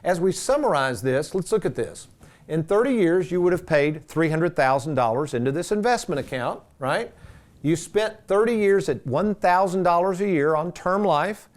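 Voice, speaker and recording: Male host, emphatic and folksy, a touch high-pitched, talking viewers through money costs. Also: lively intonation, moderate pace. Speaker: financial advisor and show host. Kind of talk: presenting a money show to viewers.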